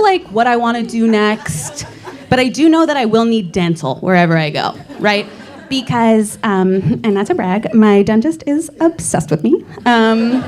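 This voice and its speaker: A young woman doing a stand-up set, self-mocking and playful, often breaking into laughter. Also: on the high side. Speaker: stand-up comedian. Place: comedy club stage.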